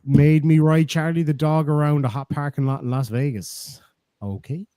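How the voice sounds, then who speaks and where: A man's voice: fairly high pitch, fairly even intonation, normal speed, dark tone, dry recording. Sardonic man reading chat. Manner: profane, sardonic, reads donations aloud. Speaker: streamer host reading chat donations. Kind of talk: casual live-stream chat.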